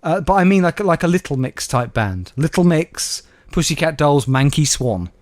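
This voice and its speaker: A man's voice: fairly high pitch, sing-song, moderate pace, no echo. A young man co-hosting a podcast, riffing sardonic jokes in casual chat. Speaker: podcast co-host.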